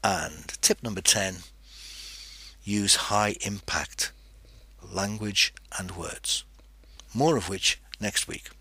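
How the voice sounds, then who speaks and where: A man's voice: fairly low pitch, slow, long pauses, pushed and bright, breathy edge, dry recording. A man hosting a teaching podcast, explaining tips step by step and putting questions to the listener. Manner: instructive, poses questions to the listener. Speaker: podcast host.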